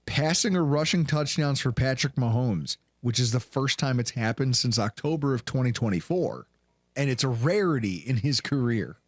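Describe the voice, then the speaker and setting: A man in his late twenties or thirties co-hosting a sports recap show, telling game stories with lively acted-out quotes. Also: medium pitch, normal speed, no room sound. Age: late 20s or 30s. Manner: animated storyteller, acts out quotes loudly. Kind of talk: casual sports talk.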